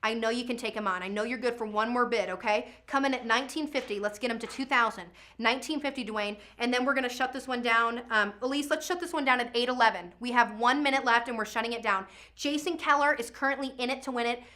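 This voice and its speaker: A woman with a high, bright, sharp voice hosts a charity auction from a studio. She talks fast and chatty, cheering on bidders by name and pushing the next bid. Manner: energetic, chatty, calls out bidders' names. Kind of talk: live virtual auction calling.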